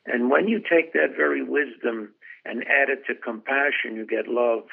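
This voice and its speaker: An older man being interviewed as an author, telling stories in a calm, reflective way over a phone line. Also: medium pitch, moderate pace, creaky. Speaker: author guest.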